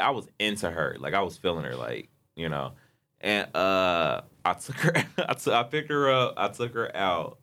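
A young man hosting a casual chat, telling a story with lively acted-out voices. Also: lowish voice. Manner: animated storyteller, acts out voices.

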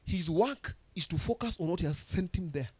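A man with a Kenyan accent preaching a sermon, asking the congregation questions and swinging from soft, low passages to loud, rising exhortation. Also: lively intonation, brisk, husky, no room sound. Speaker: pastor.

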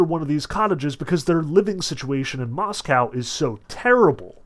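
A man speaks at normal speed with a fairly high, expressive voice and hardly pauses. His informal literature lecture is chatty, full of "notice" and "like," and includes novel passages he reads aloud.

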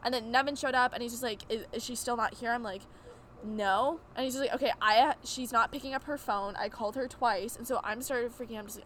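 Woman guest, chatty storyteller, slightly high voice, faint hiss underneath. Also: brisk. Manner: animated storyteller acting out quoted lines. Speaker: podcast guest. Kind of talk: casual chat, storytelling.

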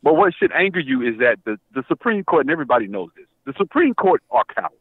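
A man's voice: mid-range voice, big pitch swings, quick pace, breathy edge, no echo. A man calling in to a talk show, agitated and stammering, repeating himself as he talks. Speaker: caller. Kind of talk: call-in show conversation. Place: Atlanta area. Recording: tinny phone line.

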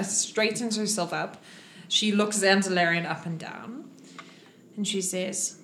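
A woman's voice: medium pitch, slow, a bit bright, a little hiss or hum. Woman game master in an echoey room. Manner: playful, laughs while narrating. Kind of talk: narrating a tabletop game.

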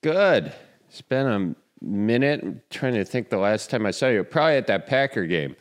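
A man's voice: fairly low pitch, very animated, moderate pace. A young man hosting a podcast in casual, jokey chat that rambles from one bit to the next. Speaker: podcast host.

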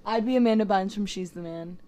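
A woman's voice: medium pitch, a little fast, dark tone. A woman co-hosting a podcast, chatting casually with playful, teasing banter. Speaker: podcast co-host.

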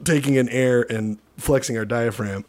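A man's voice: medium pitch, normal speed, a little mellow. A man co-hosting a casual comedy podcast, rambling and joking, swearing freely, with the hiccups. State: has the hiccups. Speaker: podcast co-host.

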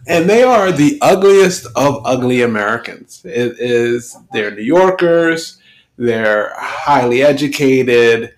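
A man hosting a podcast, retelling a film plot in a chatty way with quick asides. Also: mid-range voice, animated, poor audio. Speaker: podcast host. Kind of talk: casual film recap.

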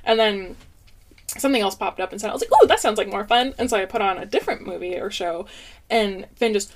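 A young woman in casual chat, telling a parenting story in a lively way and acting out what people said. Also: mid-range voice, fast. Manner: animated storyteller, acts out quotes. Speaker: parent sharing stories.

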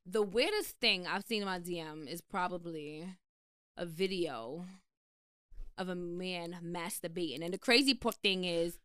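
Young woman from the west indies chatting slangy on a podcast, bright crisp voice, dry close mic. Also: lowish voice, measured pace, no echo. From West Indian. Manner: casual slangy, animated storytelling. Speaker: musician guest. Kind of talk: casual interview.

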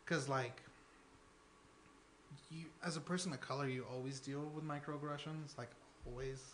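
A man's voice: medium pitch, fairly even intonation, normal speed, fairly bright tone, a little hiss or hum. A young man from Texas, a stand-up comedian, talking loosely in a casual interview with lots of fillers and laughs. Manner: loose and chatty, filler-heavy, laughs between lines.

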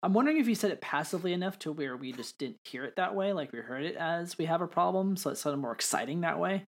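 A podcast co-host in casual chat, talking in a hedging, chatty way with animated asides. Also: mid-range voice, fast.

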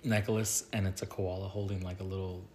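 A man co-hosting a casual podcast, a father and soccer coach, telling family stories in a relaxed way, with fillers and easy laughs. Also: sits low, brisk. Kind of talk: casual chat, storytelling.

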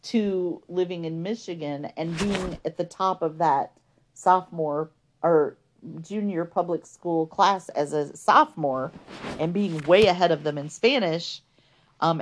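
A woman's voice: lowish voice, a little slow, slight background noise. A woman telling her life story in a podcast, earnest and conversational, with many fillers.

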